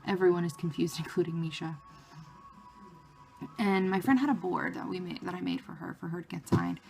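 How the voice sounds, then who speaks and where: A woman vlogger telling a story in a casual, excited way, with lots of "like" fillers. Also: lowish voice, brisk, creaky, soft background music. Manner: excited retelling of a fan encounter, many "like" fillers.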